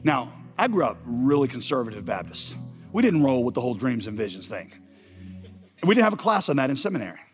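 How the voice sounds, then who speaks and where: Man, pastor, sermon, storytelling, hushed to emphatic, mid-pitched, music behind. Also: sing-song, fairly quick.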